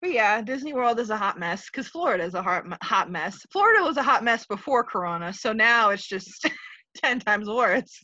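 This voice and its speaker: A woman in casual podcast chat who talks quickly through "like" fillers and laughs often. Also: on the high side, expressive, sharp tone, no room sound, lo-fi sound.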